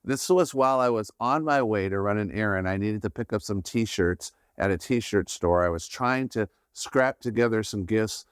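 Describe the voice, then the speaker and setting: A man's voice: lowish voice, normal speed, hardly any pauses, clean tone, no echo, studio quality. Earnest man giving a faith talk. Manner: earnest, frequent "right?" check-ins. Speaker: podcast host. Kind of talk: conversational faith teaching.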